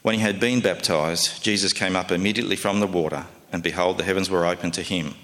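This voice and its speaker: A man's voice: deep voice, fairly even intonation, quick pace, a bit bright, long reverb tail. A man preaching a sermon in a conversational, folksy way, often asking his listeners questions.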